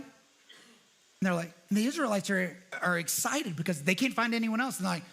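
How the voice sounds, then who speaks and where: A man's voice: sits high, lively intonation, a little fast, a bit bright. A man preaching a sermon as a guest pastor, telling the story casually and acting out the quotes. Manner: storytelling, acts out quotes in voices; casual, conversational.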